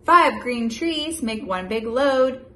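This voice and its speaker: A young woman and mother chatting casually in a home vlog and reading a children's picture book aloud with lively sound effects. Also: fairly high pitch, takes it slowly. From United States. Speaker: vlogger, mother.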